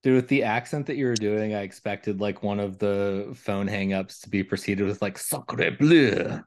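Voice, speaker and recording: A man hosting a podcast, asking relaxed, unhurried interview questions. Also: on the low side. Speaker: podcast host. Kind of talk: casual interview chat.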